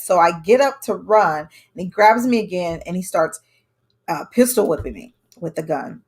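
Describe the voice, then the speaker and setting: A woman's voice: on the low side, expressive, normal speed, darkish tone, breathy edge. A young adult woman telling a personal story to camera in a candid, conversational way, acting out what others said. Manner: candid, conversational, with emphatic quoted dialogue. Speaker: vlogger telling her own story.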